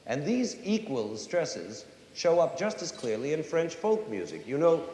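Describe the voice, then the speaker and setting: A middle-aged conductor and music educator gives a lively, animated lecture on music to a young audience in a large concert hall, now and then singing or humming short folk tunes to make his points. His voice is on the high side and his pace measured. The recording has roomy hall reverb and faint hiss.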